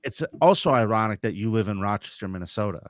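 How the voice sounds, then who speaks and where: A man's voice: lowish voice, lively intonation, fast, dry recording, clean studio sound. A man co-hosting a casual podcast, reading chat messages in a joking, self-mocking way. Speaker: podcast co-host.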